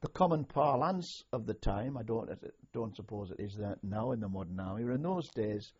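Older man, from north-east England, army veteran, anecdotal, husky, lo-fi recording. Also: medium pitch, dark tone. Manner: measured, anecdotal, slow when quoting orders. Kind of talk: oral history reminiscence. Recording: dull lo-fi recording.

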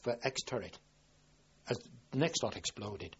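A man's voice: fairly low pitch, normal speed, slightly rough, dull audio. An older man, a navy veteran, telling his wartime memories in a rambling oral history interview, full of restarts and quoted dialogue. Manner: rambling with frequent restarts, lively when quoting himself. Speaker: war veteran recalling service.

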